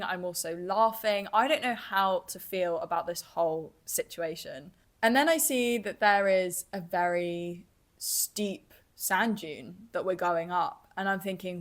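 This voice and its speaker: A young woman hosting a podcast, telling a travel story in a lively, casual way, full of "like" and "kind of". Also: mid-range voice. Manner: chatty, lively, filler-heavy with "like" and "kind of". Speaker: podcast host.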